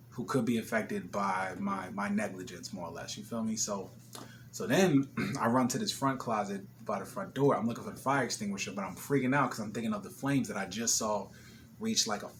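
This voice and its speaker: A man vlogging at home, retelling a kitchen fire in an animated, swearing, laughing way, still shaken. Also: lowish voice, a little hiss or hum. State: shaken after a scare. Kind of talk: casual storytelling vlog. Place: apartment kitchen, smoky.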